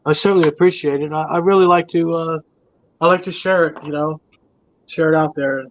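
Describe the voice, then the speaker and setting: A man talking on a video call during a casual live stream chat. He is soft-spoken and a little halting, repeating words as he goes. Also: on the high side, steady tone, muffled recording, a little hiss or hum. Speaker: musician guest.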